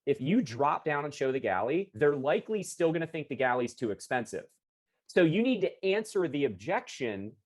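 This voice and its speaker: A man running a live online sales training over a video call, talking in a chatty, energetic way and correcting himself as he goes. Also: fairly high pitch, moderate pace. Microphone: video call computer mic.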